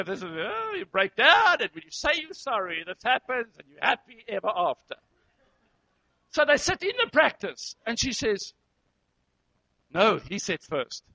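A man with a high, bright voice tells a story to an audience, acting out lines and noises with animated energy. He speaks as a therapist. The recording is dry and slightly dull, with a lo-fi sound. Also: no room sound. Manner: animated, acts out dialogue and sound effects. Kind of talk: storytelling talk.

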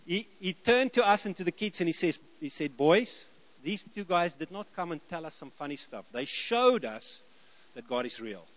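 A middle-aged South African man preaching, telling lively stories and acting out the dialogue. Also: high voice, moderate pace. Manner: lively anecdotal, acts out dialogue, chuckles. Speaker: missionary preacher. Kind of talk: sermon storytelling.

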